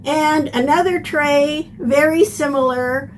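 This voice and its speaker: Slow, high-voiced older woman teaching gardening. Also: noisy background. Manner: unhurried, plainspoken explaining. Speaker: gardening channel host. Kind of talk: instructional gardening video.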